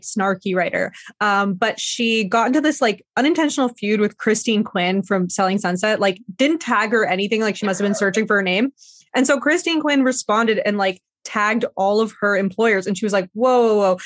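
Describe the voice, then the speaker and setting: A woman's voice: medium pitch, no echo, studio quality. Chatty podcast host, a woman. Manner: chatty, quick, uses "like" a lot. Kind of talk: casual podcast chat.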